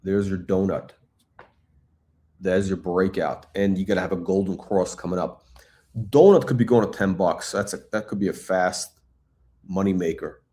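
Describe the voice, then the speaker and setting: A middle-aged man hosting a live stock chat, talking in an excitable, blunt, repetitive way and swearing now and then. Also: low voice, moderate pace. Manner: excitable hype, blunt, swears, repeats himself. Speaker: stock channel host. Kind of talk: livestream stock chat reading chat questions.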